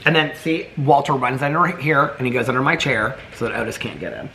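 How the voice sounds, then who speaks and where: A male vlogger chats at home, rambling from thought to thought and baby-talking to his pets. His medium-pitched voice is brisk with a sharp tone, over slight background noise.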